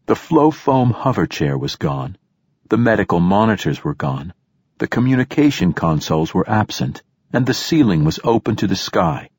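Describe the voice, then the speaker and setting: A man reads a first-person audiobook in a measured, descriptive way. His voice is very deep and husky. The recording is close and completely dry. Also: very animated, a little mellow, dry recording. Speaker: audiobook narrator.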